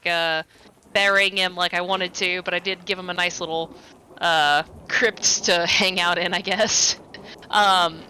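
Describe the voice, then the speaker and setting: A woman recounts her character's misadventures in an online tabletop game. Her voice is bright and forward, and she chats loosely, breaking into small laughs between lines. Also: mid-range voice, clear, resonant tone, poor audio. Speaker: player.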